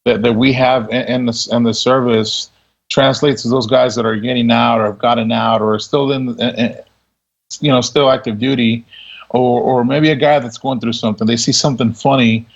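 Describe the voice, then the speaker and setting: A man's voice: medium pitch, steady tone, normal speed. A man, a guest on a podcast, telling stories in a laid-back, casual way and laughing as he goes. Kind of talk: casual storytelling. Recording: dull lo-fi audio.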